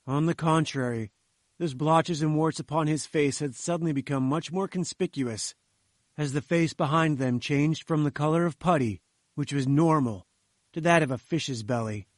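A man narrates an audiobook at a measured storytelling pace. His voice sits a little high. The recording is dry and close. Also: no room sound.

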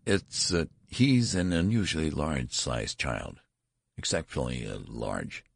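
Here is a flustered new father who stammers nervously and snaps back curtly. His voice is very deep, gravelly, and husky, a man acting him out in an audiobook. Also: lively intonation, measured pace, dry recording, studio quality, heavily acted.

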